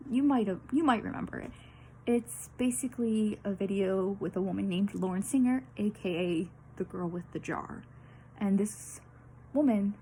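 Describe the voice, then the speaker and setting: A woman's voice: mid-range voice, dark tone, slight background noise. Nervous young woman presenting to peers. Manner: nervous, many fillers and laughs, apologetic. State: out of breath. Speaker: student presenter. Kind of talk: peer-teaching presentation.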